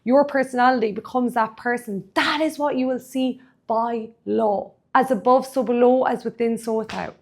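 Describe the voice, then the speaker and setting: A woman's voice: fairly high pitch, moderate pace, few pauses. A woman podcast host and coach speaking in an emphatic motivational monologue, repeating phrases for rhythm.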